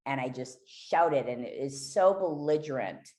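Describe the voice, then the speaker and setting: Woman with a really deep voice, raw and candid, swearing as she tells her story on a podcast. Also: animated, unhurried, a little mellow. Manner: raw, emotional, swears freely. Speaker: podcast guest.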